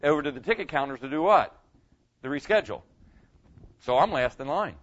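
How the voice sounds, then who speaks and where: A man's voice: on the high side, animated, a little fast, highs cut off. A man preaching a sermon as pastor, telling folksy stories and repeating his point straight to the congregation. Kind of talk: storytelling sermon.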